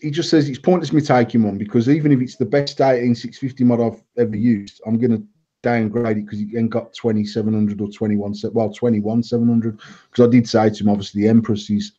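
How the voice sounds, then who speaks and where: An English vape company owner co-hosts a casual chat, blunt and rambling, swearing freely and restarting his sentences. His voice is warm and lowish, with the highs cut off.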